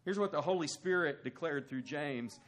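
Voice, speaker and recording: A man delivers a sermon in a fairly high voice. He preaches emphatically, climbing to loud, high points and then sinking low and quiet to press his argument. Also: animated, normal speed.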